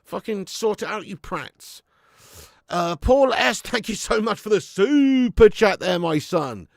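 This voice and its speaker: Gravelly, high-voiced football fan. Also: male voice, a little slow, no room sound, studio quality. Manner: sweary, excitable, bursts into shouting. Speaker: fan channel host. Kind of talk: live football watch-along commentary.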